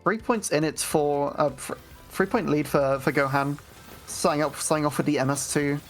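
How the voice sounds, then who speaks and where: A woman co-commentating a live game tournament, giving relaxed analysis with frequent ums and restarts. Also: sits low, moderate pace, faint music behind. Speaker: esports co-commentator.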